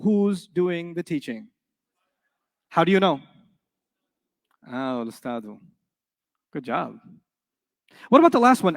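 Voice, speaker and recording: A man's voice: fairly high pitch, sing-song, a little slow, long pauses. A middle-aged man teaching Arabic to a live class, playful and jokey, often quizzing his students. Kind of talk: classroom lecture to a live audience. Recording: reverberant lecture hall.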